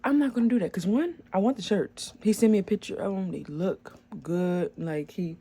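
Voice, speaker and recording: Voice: medium pitch, moderate pace, mellow, breathy edge. A young adult small business owner telling a long story in a casual vlog, chatty and slangy, with filler words and swearing.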